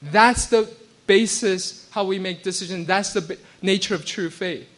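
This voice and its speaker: A pastor preaching a sermon in a conversational way, often restarting and checking in with "right?". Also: male voice, high-pitched, normal speed, a bit bright. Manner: acts out quoted voices with bursts of laughter.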